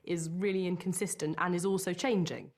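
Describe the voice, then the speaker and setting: A woman's voice: fairly low pitch, fairly even intonation, brisk, a little mellow. A woman with a modern received pronunciation accent, explaining language as an expert in a thoughtful interview. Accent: modern received pronunciation English.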